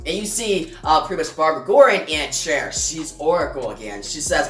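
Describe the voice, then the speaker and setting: A woman casually retelling a comic book issue, chatty and quick with asides, reading the characters' lines aloud. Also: low voice, sing-song, fairly bright tone. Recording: roomy and distant with faint music.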